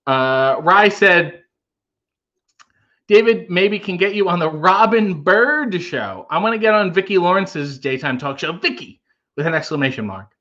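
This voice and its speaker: A man's voice: high-pitched, lively intonation, a little slow, sharp tone, muffled recording. A man hosting a casual livestream, reading viewer comments aloud and riffing on them with wry humor. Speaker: livestream host reading chat.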